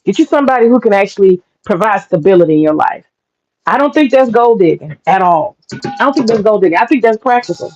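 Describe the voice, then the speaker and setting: A woman's voice: medium pitch, expressive, fast, darkish tone. Frank, laughing woman vlogger, lo-fi. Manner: frank, profane, laughs often. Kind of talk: casual opinion monologue.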